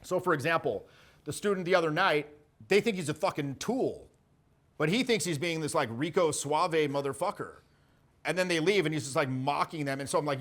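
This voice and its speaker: A man teaching social skills in loose, conversational talk. His voice sits a little high, and he keeps it lively, with quick acted-out quotes and the odd swear. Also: faint music behind. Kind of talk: casual spoken teaching.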